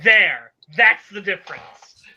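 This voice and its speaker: Guy running a tabletop game, high bright voice, kinda wry, muffled lo-fi mic. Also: lively intonation, takes it slowly, a little hiss or hum. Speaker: game master. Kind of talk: narrating a tabletop game over voice chat.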